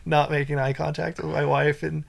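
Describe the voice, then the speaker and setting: A man's voice: on the high side, level tone, brisk, vocal fry. A young man, a podcast guest, telling a story in a casual, rambling and emotional way, full of fillers and restarts.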